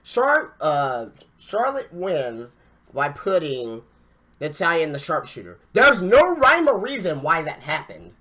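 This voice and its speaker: A man's voice: fairly high pitch, huge pitch swings, a little slow, bright, forceful tone. A man hosting a wrestling podcast, reviewing an event in casual talk with swearing and lots of stammered restarts. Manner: ranting, profane, stammering restarts.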